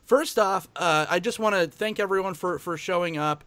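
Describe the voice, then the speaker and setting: A man hosting a casual card-game show, joking and halting with fillers and restarts. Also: high-pitched, a bit bright, clear, resonant tone, no echo. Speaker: podcast host.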